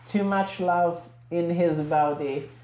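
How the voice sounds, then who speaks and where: Slow, deadpan woman rambling absurdly. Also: on the low side. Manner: rambling, deadpan, crude, full of fillers. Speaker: creator of a parody video. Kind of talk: absurd comedic narration.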